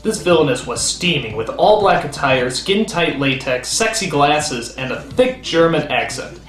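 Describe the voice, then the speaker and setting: A man hosting a comedic countdown review. He is sarcastic and animated, with quick comic asides. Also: fairly high pitch. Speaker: host and critic. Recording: roomy studio with faint music.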